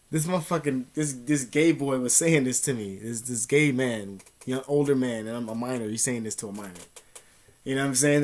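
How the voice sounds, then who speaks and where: Profane, animated young man telling a story. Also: medium pitch. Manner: profane, animated, streetwise slang. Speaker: vlogger. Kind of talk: casual storytelling to camera.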